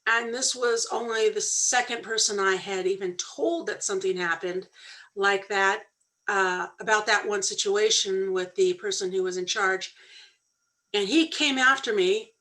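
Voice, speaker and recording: A woman candidly telling her own story on a talk show, earnest and animated when she quotes others. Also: medium pitch, measured pace, low-quality recording. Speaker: podcast co-host sharing her story.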